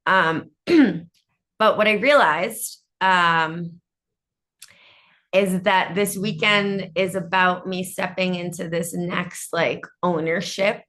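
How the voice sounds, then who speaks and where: A woman's voice: on the low side, steady tone, takes it slowly, a bit bright. A woman co-hosting a casual chat from a hotel room, losing her voice, talking loosely with lots of "like" and the odd swear word. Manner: chatty, laughs often, swears casually. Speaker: co-host.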